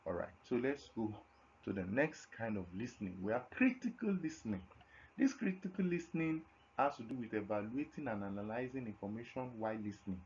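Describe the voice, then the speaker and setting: A man's voice: medium pitch, very animated, brisk. A man from Nigeria giving a classroom lecture on communication skills, asking the class questions and answering them himself, often repeating words for emphasis. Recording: dull lo-fi recording with faint noise.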